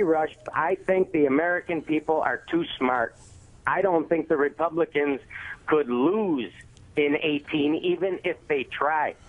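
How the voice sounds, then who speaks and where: A man from the Cleveland area calling in to a radio show, laying out his points with confident insistence. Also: on the high side. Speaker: caller. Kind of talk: phone-in caller making a point. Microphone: telephone. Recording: tinny phone line.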